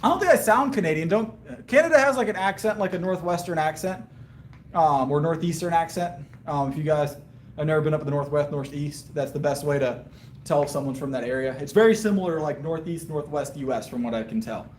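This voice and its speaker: A man talks loosely to his viewers. He rambles and answers their questions with easy laughs. His voice sits slightly high, over a faint hum of background noise. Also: a little fast, reverberant. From Southern US. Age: 30s. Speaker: powerlifting livestreamer. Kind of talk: casual live-stream chat between sets.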